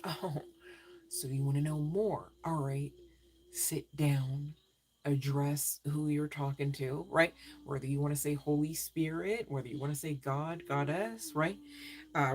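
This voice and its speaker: A woman doing a live-stream tarot reading, talking straight to viewers in a chatty way, often asking "right?" and laughing. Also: sits low. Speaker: tarot reader.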